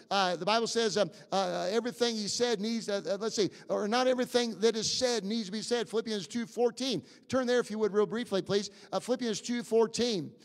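A male pastor with a very high voice preaches in a church sanctuary, his words ringing in a long hall reverb. He quizzes the congregation, stumbles through fillers and restarts, and builds up to near shouts. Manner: emphatic, questioning the congregation, rising to near shouts. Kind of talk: sermon.

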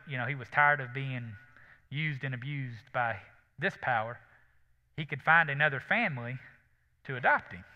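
A man's voice: medium pitch, bright, forceful tone. A man, preaching a sermon in a folksy, conversational way with asides to the congregation. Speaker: pastor. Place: church sanctuary. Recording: reverberant church hall, dull sound.

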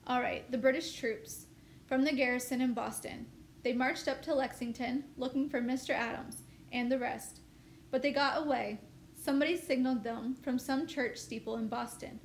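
A woman reading aloud, voicing an eager, proud young male soldier who rushes his words and loses his temper quickly. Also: high voice, steady tone. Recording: echoey room, faint noise.

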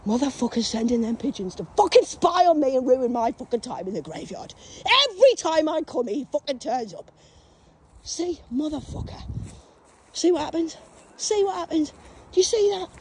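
Woman, very high voice, swooping pitch, profane shouting rant, outdoors, phone camera. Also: very animated, moderate pace, slight background noise. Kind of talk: ranting spiritual vlog. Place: outdoors in a graveyard.

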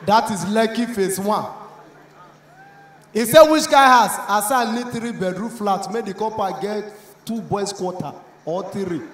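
A Nigerian comedian with a high voice tells an animated story on stage, playing every character himself and shouting the punchlines. His voice echoes through a live venue, with a faint hum of the crowd behind it. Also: unhurried. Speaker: stand-up comedian. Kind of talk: stand-up comedy routine.

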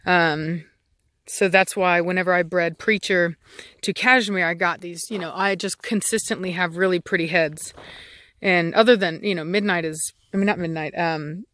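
This woman's pitch sits fairly low, with a steady tone, a moderate pace, and a slightly bright quality. She's a dog breeder chatting casually in a yard full of dogs for an outdoor vlog, wandering through her thoughts with frequent fillers and restarts.

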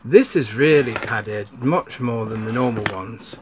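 A man's voice: mid-range voice, measured pace, noisy background. A man giving a casual, rambling unboxing chat, grumbling and swearing at his camera. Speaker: sneaker vlogger.

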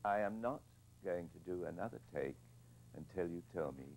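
A man's voice: sits low, expressive, normal speed, gravelly, darkish tone, slight background noise, poor audio. An older man voicing an indignant, stubborn film star woman in a retold anecdote, defiant and petulant.

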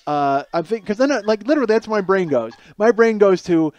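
A man in his forties, hosting a podcast, telling a comic story in a rambling, animated way with many restarts and acted-out quotes. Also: high voice, fast talker, hardly any pauses, no echo. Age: 40s. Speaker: podcast host. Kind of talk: comedic storytelling monologue. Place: home kitchen.

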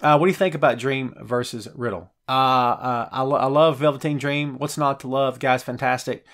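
A middle-aged man hosting a live show and reading viewer comments out loud. He talks in a loose, chatty way and gets excited easily. His pitch sits in the middle range for a man, and he fills his speech with ums and false starts. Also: normal speed. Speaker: wrestling podcast host.

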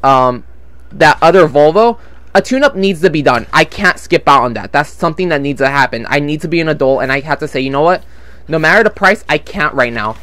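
A man's voice: a little high, fairly bright tone, no echo. Young man ranting over gameplay. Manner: rambling, frustrated, swears often. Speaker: gaming channel host. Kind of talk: casual gameplay commentary. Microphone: desktop USB microphone.

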